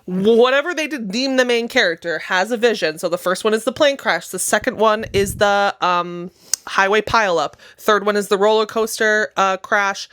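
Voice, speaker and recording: Young woman w a slight lisp, dry close mic, animated podcast storyteller. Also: medium pitch, moderate pace, dry recording. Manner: animated storytelling, acts out characters' voices. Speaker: podcast co-host. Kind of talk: casual chat, retelling a movie plot.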